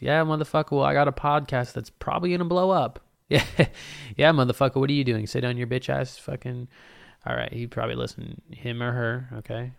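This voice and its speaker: A young man rambles through a solo podcast, swearing freely and joking as he goes. His voice has a gravelly fry at the edges yet stays smooth and resonant. The sound is dry and close, with no room around it. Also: mid-range voice, steady tone, a little fast, no echo. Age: 20s. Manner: profane, rambling and jokey. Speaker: podcast host. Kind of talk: casual solo podcast rant.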